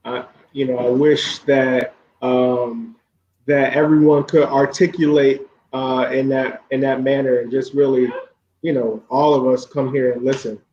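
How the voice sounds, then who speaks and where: A man's voice: mid-range voice, flat delivery, a little slow, darkish tone, a little hiss or hum. Composed man on dull, echoey audio. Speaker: podcast guest. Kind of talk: discussion.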